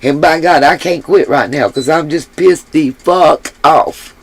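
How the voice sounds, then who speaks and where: A woman's voice: deep voice, unhurried, breathy edge. A woman hosting a commentary channel, ranting in an angry, profane and blunt way, though she apologizes for her harsh tone. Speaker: YouTube commentary host.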